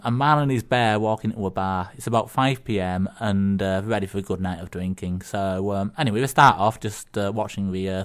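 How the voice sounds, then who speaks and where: A man's voice: sits low, clear, resonant tone. A man from England with a Northern English accent, co-hosting a community radio show and telling jokes in a rambling, hesitant way. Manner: rambling, hesitant, full of fillers. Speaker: radio co-host.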